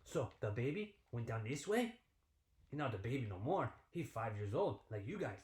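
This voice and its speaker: A man, a PE teacher, telling a story to young children in an animated, sing-song way from home. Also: medium pitch, moderate pace, echoey room.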